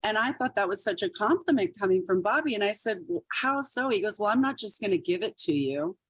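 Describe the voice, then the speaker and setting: A woman's voice: medium pitch, lively intonation, a little fast, slightly rough, dry recording. A middle-aged woman comedian telling stories in a casual interview, laughing often and acting out quotes. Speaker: podcast guest, comedian.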